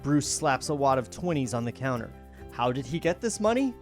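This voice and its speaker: A man's voice: medium pitch, sing-song, a little fast, soft background music. A man narrating stage directions in a comedic script table read, breaking off for joking asides.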